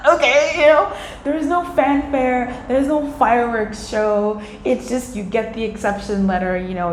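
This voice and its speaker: Chatty woman tarot reader in echoey room. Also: mid-range voice. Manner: chatty, animated, slangy, acts out little quoted voices. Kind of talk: casual tarot reading monologue. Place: indoor room by a window. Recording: echoey room with faint ambient noise.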